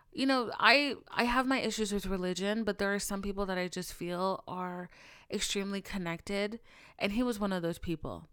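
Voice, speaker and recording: A woman hosting a podcast, talking in a casual, animated monologue with frequent swearing and self-mocking rants. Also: medium pitch, clear, resonant tone, no echo, clean studio sound. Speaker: podcast host.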